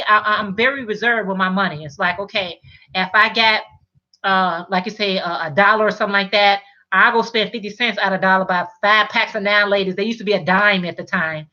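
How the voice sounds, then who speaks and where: A woman's voice: mid-range voice, pushed and bright, dull audio. A middle-aged woman hosting a casual live stream, chatting and reading viewer comments, often restarting and repeating words.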